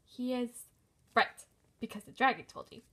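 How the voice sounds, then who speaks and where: A woman voicing a calm, sensible young man in a homemade fan movie, speaking patiently and reasoning. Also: a little high, moderate pace.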